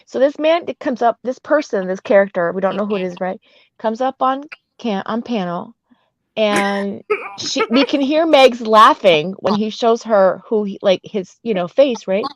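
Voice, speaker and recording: A woman's voice: on the high side, moderate pace, lo-fi sound. A woman in casual chat, telling a funny story and laughing her way through it.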